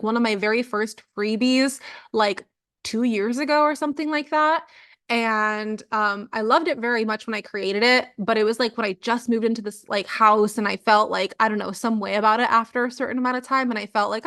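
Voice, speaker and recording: A woman's voice: medium pitch, a bit bright. A young adult woman coaching clients live on energy healing, casual and earnest with lots of filler words. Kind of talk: live coaching session talk.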